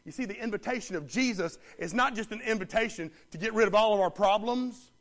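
A man's voice: sits high, fairly quick, a bit bright. A man preaching a sermon as pastor, emphatic, repeating lines and putting questions to the congregation.

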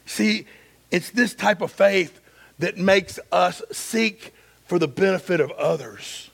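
Gravelly, high-voiced male preacher. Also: measured pace. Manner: impassioned, swinging from loud emphasis to hushed. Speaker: pastor. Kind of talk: sermon.

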